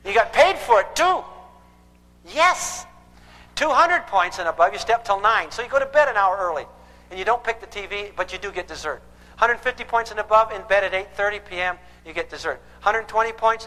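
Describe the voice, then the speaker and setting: A high-pitched, bright-toned man lecturing parents in a large room with a long, ringing reverb. He speaks emphatically and keeps checking whether his listeners follow. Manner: emphatic, quizzes the audience with repeated questions. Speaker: parenting counselor. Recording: echoey hall with long reverb.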